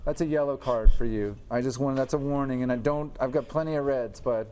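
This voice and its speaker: A man's voice: medium pitch, a little fast, warm tone, smooth. A man co-hosting a comedy chat, playful and mock-stern. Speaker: co-host.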